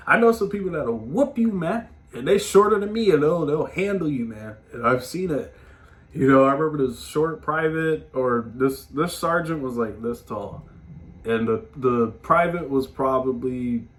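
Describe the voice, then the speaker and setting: A man talks straight to his audience in a casual storytelling monologue. His voice sits a little high. He speaks in loose slang and swears freely. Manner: animated, slangy, swearing, frequent "man" tags. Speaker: podcast host giving advice.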